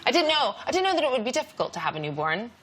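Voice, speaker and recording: A woman comedian in her thirties, chatting on a talk show with deadpan jokes. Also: on the high side, very fast, background noise. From Canada. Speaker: comedian guest.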